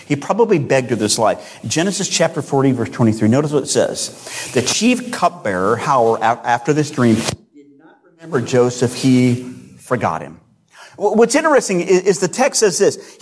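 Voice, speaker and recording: A man preaching a sermon, retelling a biblical story and acting out the voices of its people. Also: fairly high pitch. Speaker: pastor.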